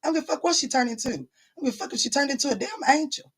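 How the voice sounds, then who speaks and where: A woman's voice: sits high, lively intonation, rapid-fire. A woman tarot reader chatting casually to viewers on a live stream, blunt and profane, calling them baby and honey and repeating her points for emphasis. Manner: emphatic, repeats lines for stress.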